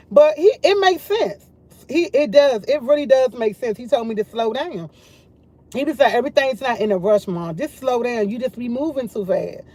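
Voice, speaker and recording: A woman's voice: fairly high pitch, warm tone. A woman hosting a casual morning livestream, chatting and rambling directly to her viewers. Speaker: livestream host.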